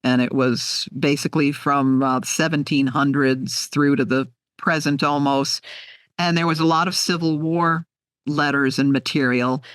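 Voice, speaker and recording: A woman in her sixties, an author being interviewed, telling stories in an animated, heartfelt way. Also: sits low, dry recording, studio quality. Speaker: author guest. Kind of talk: conversational interview.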